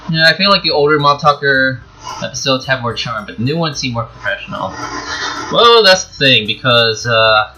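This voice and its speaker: A man's voice: medium pitch, expressive, normal speed, sharp tone, slight background noise, rough recording. A young man doing let's-play commentary, reading a visual novel aloud and rambling, correcting himself and laughing at his own jokes. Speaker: gaming YouTuber.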